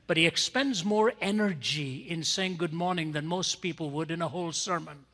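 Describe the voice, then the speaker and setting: A man preaching a storytelling sermon, swinging from hushed, intimate lines to loud, emphatic ones. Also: a little high, moderate pace. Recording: long reverb of a large hall.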